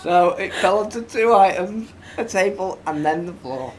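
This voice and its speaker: A man's voice: sits high, expressive, normal speed, a little hiss or hum. A man, co-hosting a casual podcast and telling stories with a dry, mumbling humour. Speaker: podcast co-host. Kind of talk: casual banter.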